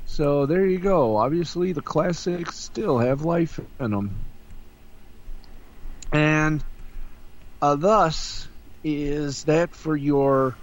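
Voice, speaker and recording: A man hosting a casual talk show, speaking unhurriedly with many filler sounds. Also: fairly high pitch. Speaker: podcast host.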